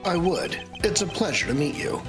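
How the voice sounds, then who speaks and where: A fan voice actor playing a calm, courteous middle-aged male defense attorney, slow and formal, with music behind. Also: medium pitch, natural voice. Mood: composed.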